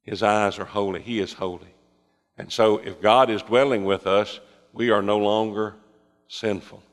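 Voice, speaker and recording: An older man preaching a sermon, folksy with joking asides, swinging from impassioned fervor to hushed, quiet passages. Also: fairly low pitch, fairly even intonation, a little slow, big-room sound.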